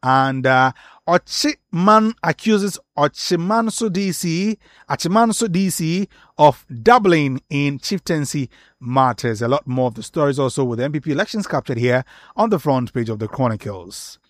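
Ghanaian male presenter, somewhat higher voice, brisk headline reader, dry close sound. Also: lively intonation, no room sound. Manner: brisk headline reading with fillers and asides. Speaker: newspaper review presenter. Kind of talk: reading newspaper headlines on air.

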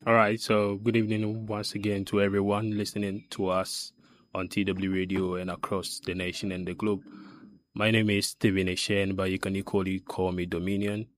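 A man's voice: low voice, little pitch movement, normal speed. A young man in his twenties, a radio intern, introducing himself formally and politely on a studio panel.

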